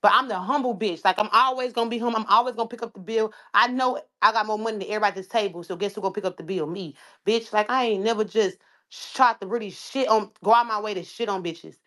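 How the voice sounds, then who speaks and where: A woman's voice: mid-range voice, fast talker, sharp tone. A woman rapper delivering an angry, profane, confrontational livestream rant, repeating herself as she goes.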